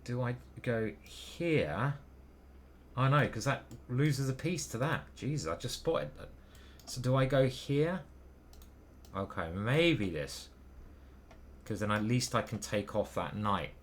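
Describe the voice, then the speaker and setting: A man talks through his chess moves as he plays. His voice sits at an ordinary middle pitch, and he mutters moves in short bursts while questioning himself. Faint keyboard clicks come from behind. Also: expressive, slow pace, a little hiss or hum. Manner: muttering move by move, hesitant self-questioning. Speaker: chess grandmaster commentating his own games. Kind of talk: thinking aloud while playing online chess.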